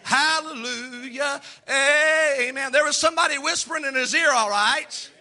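A man's voice: very high-pitched, fast, creaky, bright, forceful tone. A male pastor preaching a sermon in a church, fervent, acting out the voices of people he quotes.

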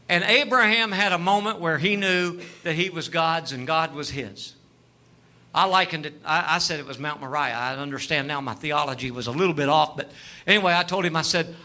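Midwest preacher guy, super bright tense voice, acts out all the dialogue, gets loud. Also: a little high. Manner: storytelling, acts out dialogue, rises to shouting fervor. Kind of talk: sermon testimony.

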